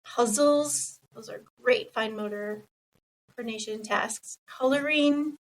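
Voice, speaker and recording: A woman podcast co-host with a high voice, sitting a little away from the mic. She explains steadily and runs through lists of examples. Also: takes it slowly, far from the mic, low-quality recording. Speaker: podcast co-host, occupational therapist. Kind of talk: casual podcast chat, explaining.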